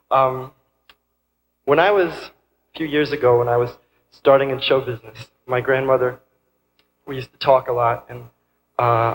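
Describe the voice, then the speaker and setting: A man performing live stand-up in a large concert hall, speaking in a soft, childlike, hesitant way and leading a singalong. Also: medium pitch. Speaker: comedian on stage. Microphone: stage microphone. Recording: live concert recording with faint hiss.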